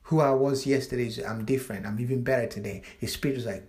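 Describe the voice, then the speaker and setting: A man's voice: medium pitch, fairly even intonation, quick pace, darkish tone. Male channel host, casual spiritual monologue, emphatic and profane, free-flowing speech with restarts. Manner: fluid non-standard grammar with frequent restarts.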